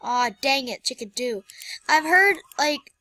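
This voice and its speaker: A woman's voice: high-pitched, expressive, measured pace, bright, forceful tone, no room sound. A young woman hosting a casual let's-play, flustered and exclaiming as she plays. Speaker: gameplay channel host.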